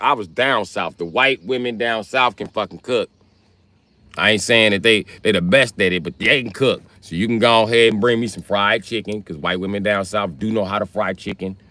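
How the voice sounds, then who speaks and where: A man hosting his own live stream, reading out viewer comments and riffing on them. He talks in a fairly low voice with loose, crude, joking banter that rambles from one bit to the next. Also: bright, forceful tone, no echo.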